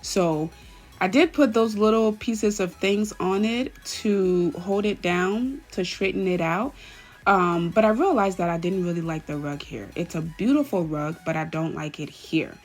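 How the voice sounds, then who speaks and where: A woman chatting casually through a home decor vlog, gushing now and then with excited cheers. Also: fairly low pitch, a little slow, faint music behind. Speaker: home vlogger.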